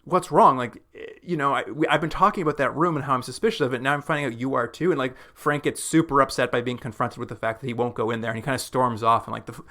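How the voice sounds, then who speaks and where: A man co-hosting a film podcast, casually retelling scenes and slipping into quick acted-out lines of dialogue with lots of "like" fillers. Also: mid-range voice, steady tone, sharp tone. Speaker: podcast co-host.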